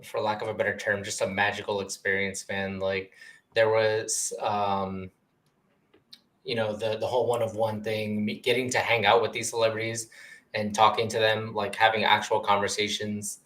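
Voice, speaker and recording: A man in casual podcast chat who tells stories at an easy, relaxed pace. His voice sits fairly low. He speaks plainly and without hurry. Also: normal speed. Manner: relaxed, storytelling.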